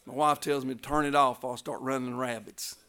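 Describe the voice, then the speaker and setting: A man preaching a revival sermon, telling stories and building to loud climaxes. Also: mid-range voice, steady tone, fairly quick.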